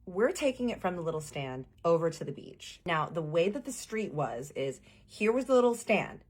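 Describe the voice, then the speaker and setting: A woman telling a casual storytime to viewers, animated and acting out the quoted lines. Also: fairly low pitch, normal speed, slightly rough. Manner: addresses viewers as "y'all".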